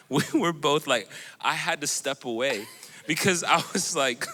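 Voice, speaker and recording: A man's voice: mid-range voice, normal speed, sharp tone. A man on a panel casually telling a story, rambling with lots of fillers and laughing as he goes. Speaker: panelist sharing a missions story. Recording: echoey hall with long reverb.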